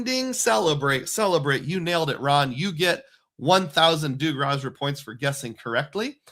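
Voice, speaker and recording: A chatty man hosting a relaxed livestream from a home setup. His voice sits a little higher than most men's. He wanders through the topic and reads out supporter names one after another. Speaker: livestream host. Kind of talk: casual livestream chat.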